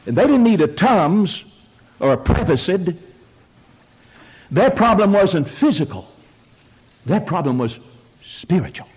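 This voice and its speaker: An older male preacher with a husky, slightly high voice delivers a fiery, folksy sermon. His pitch swings widely as he climbs to shouted peaks. The recording sounds dull and lo-fi. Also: sing-song, a little slow, pauses often. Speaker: pastor.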